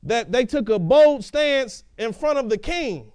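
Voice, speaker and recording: High-voiced, smooth preaching man. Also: lively intonation, unhurried, few pauses, darkish tone, no room sound. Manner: emphatic, with frequent restarts and "right?" asides. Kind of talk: sermon.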